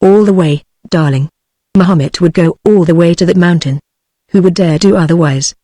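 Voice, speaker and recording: A text-to-speech British English woman's voice reading the lines of a vain, uneasy young baronet in a flat delivery. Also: fairly low pitch, moderate pace, dry recording, natural voice. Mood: polite. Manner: flat synthetic delivery of dialogue.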